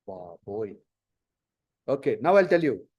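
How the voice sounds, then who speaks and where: A man teaching data science to a class, asking lively rhetorical questions. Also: medium pitch, unhurried, slightly rough. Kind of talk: classroom lecture.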